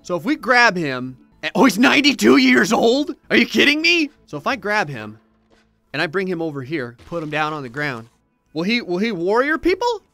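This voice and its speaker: A man giving jokey, excitable commentary while playing a god game in VR. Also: high-pitched, moderate pace, creaky, no room sound, faint music behind. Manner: jokey, excitable, mock-godlike. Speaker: gameplay commentator. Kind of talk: playful VR gameplay commentary.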